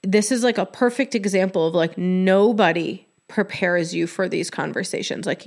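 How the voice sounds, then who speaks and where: Woman, podcast host, casual chat, candid, expressive, says "like" constantly, mid-pitched voice. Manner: chatty, heavy use of "like".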